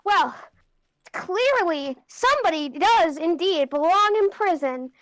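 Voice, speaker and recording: A woman voicing a theatrical, loud uncle figure who acts shocked. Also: extremely high pitch, lively intonation, slow pace, dry recording, exaggerated voice, poor audio. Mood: stern.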